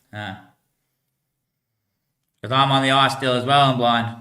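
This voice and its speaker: A man rambles in loose, slangy talk, swearing freely and breaking into laughs. His voice is bright and sharp at a middle pitch. The room around him echoes. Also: steady tone, measured pace, pauses often. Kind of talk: rambling casual monologue.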